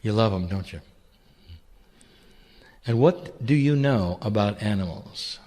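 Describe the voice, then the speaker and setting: A man giving a channeled spiritual talk in a gentle, intimate, preacherly way. He often asks the listener rhetorical questions. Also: lowish voice, lively intonation, slow pace, long reverb tail.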